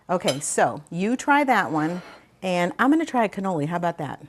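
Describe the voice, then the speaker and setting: A woman's voice: on the low side, very animated, fairly quick, a little hiss or hum. An older woman hosting a cooking show, chatting enthusiastically as she demonstrates a recipe.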